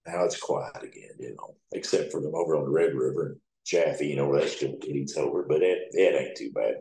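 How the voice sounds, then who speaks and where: A middle-aged man with a low, deep voice, telling rambling, salty stories as a towboat captain. His speech is folksy and loose, with a roomy echo around it. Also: a little mellow. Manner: folksy, rambling, profane storytelling. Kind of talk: oral history interview storytelling.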